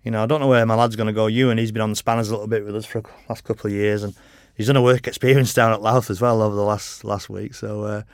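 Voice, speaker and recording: A man's voice: fairly low pitch, little pitch movement, fast talker, few pauses, no echo, studio quality. A middle-aged man, a podcast guest telling rambling stories in a casual way, swearing freely and laughing often. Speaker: podcast guest, motorcycle racer. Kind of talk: casual interview chat.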